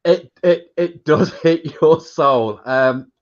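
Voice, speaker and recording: Male live-show host, unhurried delivery reading viewer comments, muffled stream sound. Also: fairly high pitch. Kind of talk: casual live-stream chat. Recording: dull lo-fi live-stream audio.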